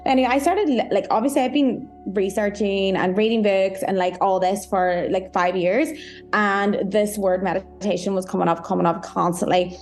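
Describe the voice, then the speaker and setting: A woman's voice: mid-range voice, steady tone, normal speed, a little mellow, faint music behind. A woman guest on a podcast talking candidly about meditation, with a chatty, frank manner full of "like" and "you know". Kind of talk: casual podcast interview.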